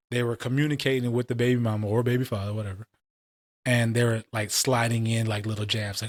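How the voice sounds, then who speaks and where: A man's voice: medium pitch, dry recording, studio quality. A man in his late twenties or thirties, co-hosting a casual podcast and telling stories in heavy, profane street slang. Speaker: podcast co-host.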